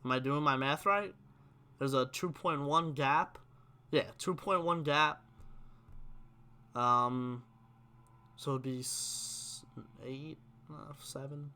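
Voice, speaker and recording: Speaking slowly with long pauses in a higher-leaning voice, a young man hosts a live sports stream and chats casually with viewers. He's animated, reads chat questions aloud and gets worked up arguing his points.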